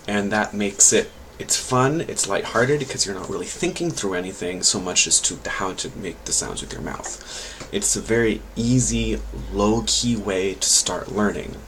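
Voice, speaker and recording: Low-voiced man, rambling and hesitant. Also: animated, normal speed, fairly bright tone, slight background noise, low-quality recording. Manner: rambling, hesitant, many fillers and restarts. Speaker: language learner giving tips. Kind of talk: casual vlog talk.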